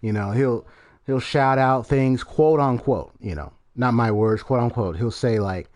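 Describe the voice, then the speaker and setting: A man's voice: medium pitch, unhurried, a little mellow. A man streaming a game and giving casual commentary, rambling with many fillers and restarts.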